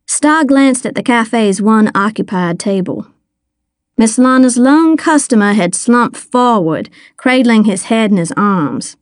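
A woman narrating a story aloud in a measured, expressive reading voice. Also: fairly high pitch, no echo, studio quality. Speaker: audiobook narrator. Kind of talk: scripted narration.

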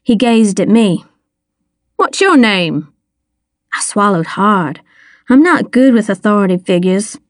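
A woman reading a first-person audiobook, with measured, wry storytelling. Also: mid-range voice, dry recording, clean studio sound. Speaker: audiobook narrator.

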